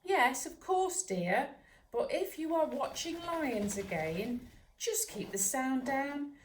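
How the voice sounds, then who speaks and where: A woman voicing a calm, patient mother poodle who speaks in a gently indulgent way. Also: sits high, slow, echoey room, distant mic, slight background noise, pitched above the performer's own voice.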